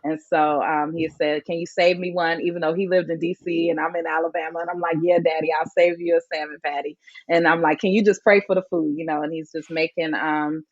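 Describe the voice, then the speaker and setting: A woman's voice: low-pitched, level tone, brisk, no echo. Woman, interview guest, earnest, reflective, dull lo-fi sound. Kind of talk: conversational interview.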